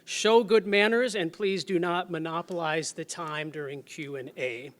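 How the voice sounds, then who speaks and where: High-voiced man giving a formal introduction. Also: fairly even intonation. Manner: measured, instructive. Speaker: event moderator.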